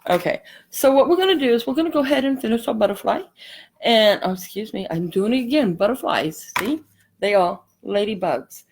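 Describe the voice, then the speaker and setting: A woman's voice: fairly high pitch, expressive, brisk, darkish tone, slightly rough. A woman hosting a live craft tutorial, chatting in a rambling, apologetic way as she works. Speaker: craft channel host.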